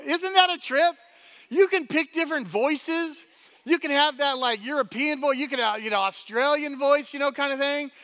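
High-voiced energetic pastor in a reverberant hall. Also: male voice. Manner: energetic, chatty, repeats "right?" often, stumbles and restarts. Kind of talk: sermon. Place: church hall.

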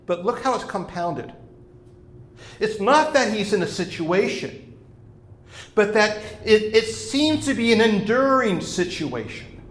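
In an echoey room, a pastor with a high, animated voice preaches a sermon at a measured pace. He explains a psalm earnestly, rising to lean hard on key words.

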